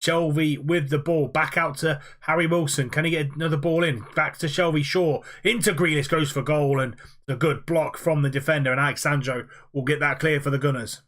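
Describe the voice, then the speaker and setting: A young man giving play-by-play football commentary over his own video game matches, quick and fluent with frequent "uh" fillers. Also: a little high, steady tone, a bit bright.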